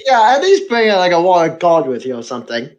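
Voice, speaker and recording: Lower-voiced woman on a podcast, super lively, reading off her notes. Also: a little fast, dull audio, noisy background. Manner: animated, lists points from notes. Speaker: podcast co-host. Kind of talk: casual podcast chat.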